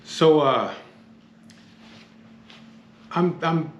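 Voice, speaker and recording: A man's voice: fairly high pitch, extremely slow, echoey room, muffled recording. A man telling a tense personal story in casual speech, blunt and full of swearing, often restarting his sentences. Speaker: storyteller recounting a street standoff.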